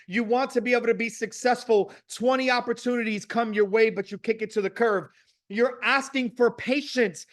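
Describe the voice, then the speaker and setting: Sex: man. Role: motivational speaker. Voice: very high-pitched. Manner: preachy, emphatic, repetitive. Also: fairly bright tone. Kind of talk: motivational speech with storytelling.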